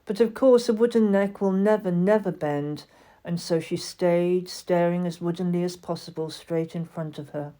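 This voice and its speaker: A woman narrates a children's storybook in a gentle, expressive way. Her voice sits a little low and sounds mellow. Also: normal speed. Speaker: audiobook reader.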